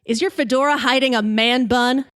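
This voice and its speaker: A woman voicing a quick-witted boyfriend. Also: high-pitched, dry recording, studio quality. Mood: heckling back. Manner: calm, then cutting comebacks. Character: her supportive boyfriend, quick-witted man.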